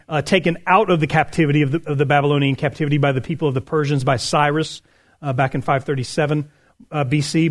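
Pastor, man with a high voice, preaching in an easy conversational way, reading and unpacking scripture. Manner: conversational, with fillers and restarts. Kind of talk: sermon.

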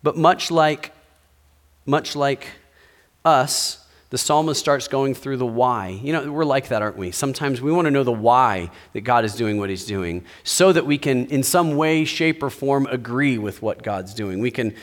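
A man's voice: medium pitch, lively intonation, normal speed. A pastor giving a sermon, speaking in a conversational way and asking his listeners rhetorical questions.

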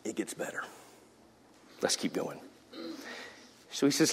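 A man preaching a sermon as pastor, animated, acting out dialogue and reading scripture aloud. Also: low voice, unhurried, pauses often, breathy edge. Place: church sanctuary. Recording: long reverb of a church hall.

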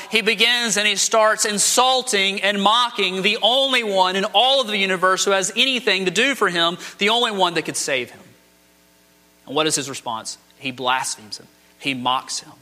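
Man, high bright voice, preaching dramatic sermon, acts out quotes, big reverb. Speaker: pastor. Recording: long hall reverb.

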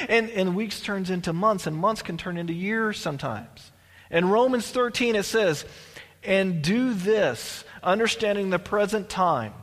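Male pastor, conversational sermon with restarts and asides, high pitch, echoing church hall. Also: lively intonation, fairly quick, a bit bright.

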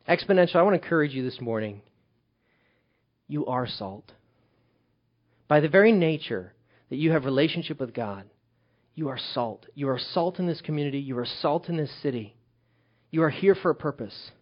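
A man preaching a sermon as pastor, swinging from loud emphatic calls to hushed, quiet lines. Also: on the high side, animated, moderate pace, highs cut off.

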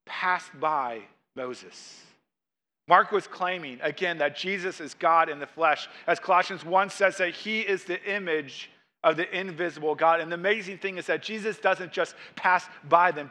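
A man's voice: fairly high pitch, bright, forceful tone. A man preaching a sermon, reading scripture aloud and explaining it with rising emphasis. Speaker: pastor.

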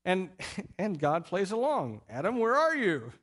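Animated middle-aged male pastor preaching. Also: sits high, measured pace. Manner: animated storytelling with playful acted quotes. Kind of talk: sermon.

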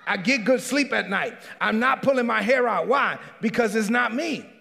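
A man preaching a sermon as a pastor in a church. He preaches emphatically, often shouting, and calls out congregants by name. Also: sits high, expressive, moderate pace, gravelly. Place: church sanctuary. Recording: reverberant hall.

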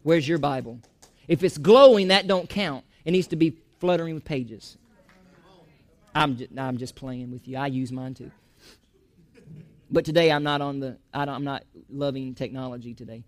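A man preaching a sermon in a church, animated, joking and going off on asides. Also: mid-range voice, moderate pace. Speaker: pastor.

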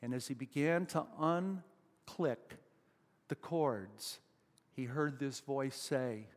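A man preaching a sermon as pastor, emphatic, with loud rising exclamations and questions put to the congregation. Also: medium pitch, slow. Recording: long hall reverb.

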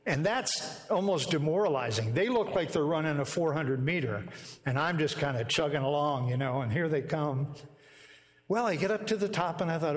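A man's voice: a little high, expressive, moderate pace, in a large hall. A man preaching a sermon, telling a personal story in a conversational way and closing in prayer. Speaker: pastor. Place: church sanctuary.

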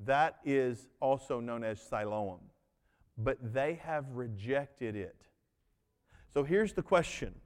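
A man's voice: mid-range voice, slow. Male pastor preaching in an echoey hall. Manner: folksy, animated storytelling with acted-out voices. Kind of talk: sermon. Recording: reverberant hall.

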